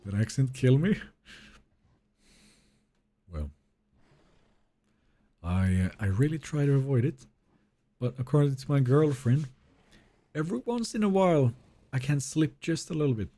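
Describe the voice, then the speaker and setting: A man's voice: medium pitch, expressive, a little slow, long pauses, mellow. A man streaming a game live, chatting casually and reading viewer messages aloud in a wry, joking way that trails off into mumbles.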